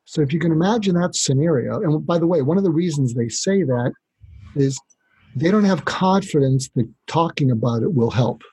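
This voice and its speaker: A man speaking as a doctor guest on a podcast interview, explaining calmly and acting out short exchanges to demonstrate. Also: on the high side, normal speed, husky, poor audio. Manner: calm, explanatory, demonstrates dialogue.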